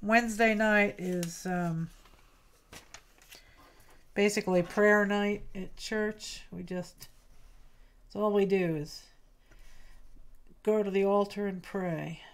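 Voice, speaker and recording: A woman's voice: medium pitch, fairly even intonation, slow, pauses often. A woman hosting a craft livestream, chatting casually with viewers by name and thinking aloud as she works.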